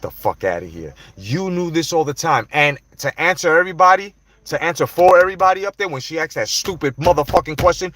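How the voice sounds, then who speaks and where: A man's voice: on the high side, animated, a little fast, few pauses, fairly bright tone, slight background noise. A man hosting a live stream, confronting people directly in a heated, profane rant to his viewers. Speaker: livestream host.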